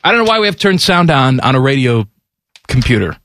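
A man's voice: mid-range voice, big pitch swings, fast, a bit bright. A man co-hosting a sports radio show, firing off sarcastic, wisecracking asides. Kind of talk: casual sports radio banter. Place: radio studio.

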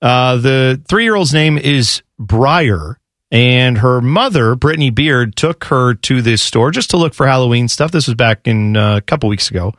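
A man's voice: mid-range voice, lively intonation, normal speed, a bit bright, no room sound, clean studio sound. A man hosting a sports talk radio show, telling stories in a wry, joking, casual way. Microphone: studio microphone.

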